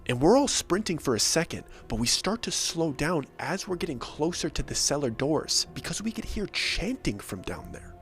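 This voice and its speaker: Man, slightly high voice, lively intonation, first-person horror storytelling, faint background music. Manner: animated, suspenseful retelling with quoted dialogue.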